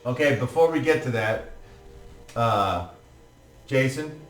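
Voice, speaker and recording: A man's voice: medium pitch, animated, slow, recorded from a distance. A man running a tabletop game as game master, narrating playfully and laughing often. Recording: echoey room, faint music.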